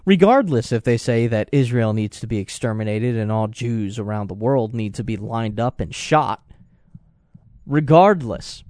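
A man's voice: medium pitch, lively intonation, normal speed, darkish tone, no echo, studio quality. A man hosting a talk radio show, giving impassioned political commentary that rises to indignant outbursts. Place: radio studio.

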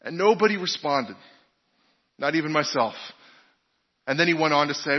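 Expressive and fairly high-pitched, a male pastor speaks at a moderate pace with frequent pauses, asking the congregation questions and telling personal stories in a conversational sermon. The recording is dull, with long hall reverb.

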